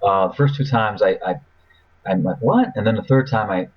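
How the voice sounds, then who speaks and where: A man's voice: lowish voice, fairly quick, dull audio. A man co-hosting a casual gaming podcast, asking questions with hesitant fillers. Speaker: podcast co-host. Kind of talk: casual chat.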